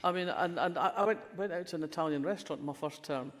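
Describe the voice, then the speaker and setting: A woman's voice: on the low side, quick pace, slight background noise. A woman in her sixties from Fife with a polished Scottish accent, a guest telling wry stories in a live stage conversation, with frequent restarts. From Fife, Scotland. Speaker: guest crime writer. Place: festival hall stage. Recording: long hall reverb, festival stage.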